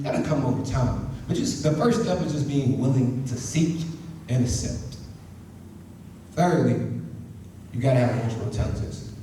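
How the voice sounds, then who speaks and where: Man giving a lively talk in an echoey hall. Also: medium pitch, distant mic, slight background noise. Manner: energetic, calls the audience to chant along. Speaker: motivational speaker. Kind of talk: motivational talk to students. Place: university hall.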